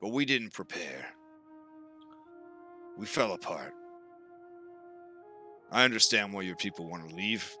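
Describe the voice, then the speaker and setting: A man voicing a weary, grumbling god-blooded warrior who speaks low and solemn. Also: animated, a little slow, long pauses, pushed and bright, soft background music, exaggerated voice.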